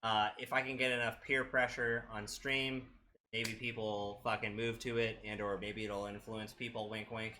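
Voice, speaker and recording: A man's voice: fairly low pitch, flat delivery, moderate pace, noisy background. A man co-hosting a card game stream, talking casually and joking with swearing, worn down by the heat. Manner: joking, swearing, laid-back. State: hot and sweaty. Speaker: stream co-host playing the game.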